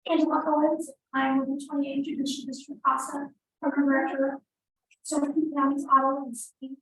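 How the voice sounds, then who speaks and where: A woman introducing herself at a meeting, quick and informal. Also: high-pitched, flat delivery. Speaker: meeting attendee. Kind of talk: round-table introductions. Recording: roomy sound from far off.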